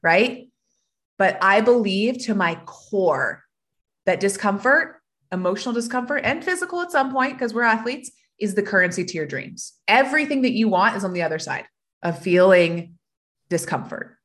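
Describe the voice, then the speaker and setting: A woman who coaches athletes, a guest on a podcast, speaking in a calm, motivational and reflective way. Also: mid-range voice, normal speed. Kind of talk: casual interview chat.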